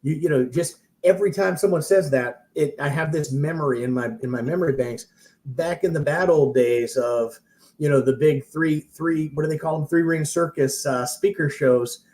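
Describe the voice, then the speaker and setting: Male mortgage trainer, mellow tone, chatty storyteller who circles back on himself. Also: a little high, moderate pace. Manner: rambling, self-interrupting, animated storyteller. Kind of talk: casual storytelling on a live stream.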